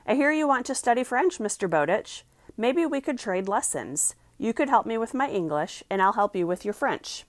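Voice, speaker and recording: A woman's voice: a little high, very animated, moderate pace, no echo, pitched above the performer's own voice. A woman reading as an insistent French tutor.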